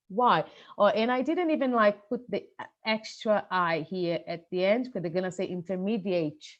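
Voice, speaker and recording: A woman with a Brazilian Portuguese accent gives a lesson for English teachers. She explains things patiently and slows down to model words for learners, and her mid-pitched voice comes through slightly dull, lo-fi audio. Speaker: pronunciation teacher.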